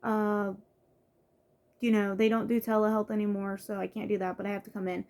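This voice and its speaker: Young woman, casual vlog rant, venting, frustrated, fillers and restarts, middle pitch. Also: level tone, fairly quick, a little mellow. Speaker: vlogger.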